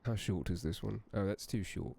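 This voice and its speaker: A man's voice: fairly low pitch, normal speed, gravelly, warm tone, husky. A man hosting a horror story stream in character as a tome keeper, chatting with viewers in theatrical, old-fashioned genteel phrasing.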